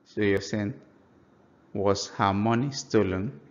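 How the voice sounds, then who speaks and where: A man giving a language lesson, slowly and patiently explaining example phrases. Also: lowish voice, fairly even intonation, dull audio. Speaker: language teacher.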